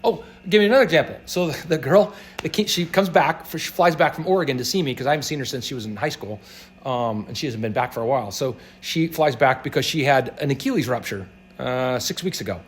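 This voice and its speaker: A man, a practitioner being interviewed, telling patient stories in a casual, animated way and acting out the voices of people he quotes. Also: medium pitch, quick pace, a little hiss or hum. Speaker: healthcare practitioner guest.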